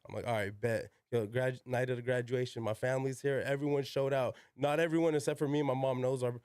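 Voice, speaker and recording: Brief: young adult man, podcast guest, clear resonant voice, dry close sound, loose slangy storytelling with cursing. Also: mid-range voice, steady tone, quick pace, hardly any pauses, darkish tone, no echo. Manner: slangy, peppered with "yo" and "like", swears freely. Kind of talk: casual storytelling.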